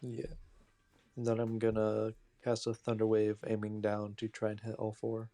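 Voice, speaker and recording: A man taking his turn as a player in a tabletop game, calm and matter-of-fact. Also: on the low side, moderate pace. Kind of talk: casual tabletop play.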